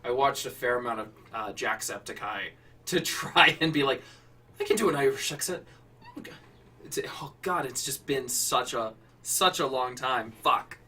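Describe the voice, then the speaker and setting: A man's voice: medium pitch, normal speed, bright, forceful tone, distant mic. A man hosting a casual prompt show, rambling and correcting himself as he talks, with frequent swearing. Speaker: host. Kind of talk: casual improv prompt chat.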